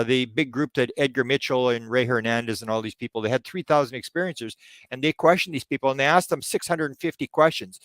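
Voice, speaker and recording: A man's voice: medium pitch, dry recording. A man in his sixties from Canada, answering interview questions in a rambling way, with many restarts and hesitations. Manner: hesitant, frequent restarts and ums, then animated when retelling stories. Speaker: guest researcher.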